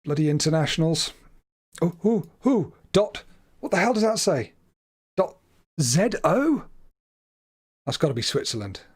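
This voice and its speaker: A British man chats his way through a guessing game on a livestream, teasing himself and laughing often. His voice sits a little high for a man, and his delivery is relaxed and conversational. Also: measured pace, long pauses, husky. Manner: chatty, self-deprecating, laughs often. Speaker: streamer. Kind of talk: casual livestream game commentary.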